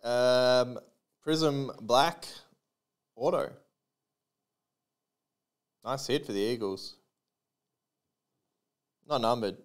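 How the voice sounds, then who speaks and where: A man's voice: medium pitch, extremely slow, long pauses, clear, resonant tone. A man hosting a live trading card break, calling out player names and serial numbers with chatty asides to his viewers.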